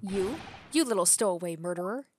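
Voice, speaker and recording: Woman voicing a burly sailor man, gruff, curt, broken English, game reading. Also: medium pitch, lively intonation, fairly quick, slight background noise, close to an everyday voice. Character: gruff burly male Russian sailor guard.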